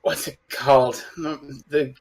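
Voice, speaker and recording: A podcast guest in a casual review chat, talking in an animated, blunt way and swearing casually. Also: mid-range voice, takes it slowly.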